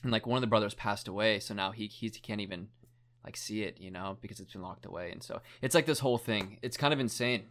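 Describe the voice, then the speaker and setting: A young man with a fairly low voice tells a story in loose, casual chat. He rambles, leans on "like" constantly and swears without thinking about it. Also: fast, fairly bright tone. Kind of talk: casual chat, retelling a documentary.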